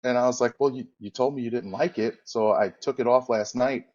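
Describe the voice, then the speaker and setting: A medium-pitched, slightly mellow voice moves fairly quickly and steadily as a former wrestler tells a rambling, drawn-out anecdote on a podcast, acting out the quoted voices and correcting himself as he goes. The sound is lo-fi.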